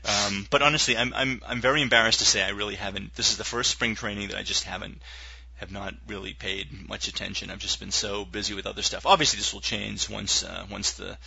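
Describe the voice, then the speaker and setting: A man with a gravelly, husky voice that still sounds sharp and forceful, talking fast and loose as a podcast co-host. He jokes loudly and trips over his words, stammering through restarts. The audio is dull and lo-fi. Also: lowish voice, no echo. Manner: excitable, loud joking, stammering restarts. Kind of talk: casual chat.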